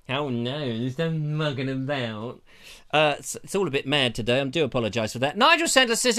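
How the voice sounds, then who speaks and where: A man's voice: medium pitch, expressive, brisk, a bit bright. Rambling, jokey man. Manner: rambling, jokey, self-interrupting. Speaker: live show host. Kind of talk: casual live-stream chat. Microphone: lavalier.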